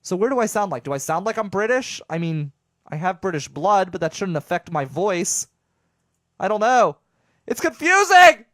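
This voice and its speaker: A man in his thirties from southwestern Pennsylvania, rambling excitably to his viewers in a casual monologue, with an unusual voice people take for foreign. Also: sits high, fairly quick, no room sound, studio quality. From southwestern Pennsylvania, USA. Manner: rambling and excitable, with repeated restarts. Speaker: vlogger.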